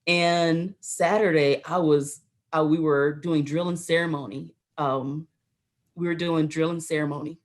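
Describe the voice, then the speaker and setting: A woman's voice: deep voice, fairly even intonation, a little slow. A middle-aged American woman, a retired Army colonel, telling stories as a talk show guest and acting out the voices she quotes. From United States. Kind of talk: storytelling in a talk show interview.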